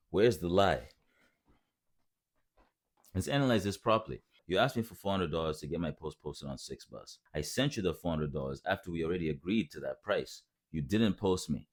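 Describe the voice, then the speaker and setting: A man in his twenties telling his own story in a heated, profane, mocking rant. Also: sits low.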